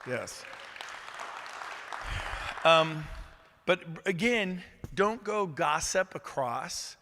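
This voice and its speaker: A middle-aged man giving an energetic, upbeat motivational talk at an event and firing questions at the audience. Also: sits high, slow, pauses often, a faint crowd. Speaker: motivational speaker. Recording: reverberant hall.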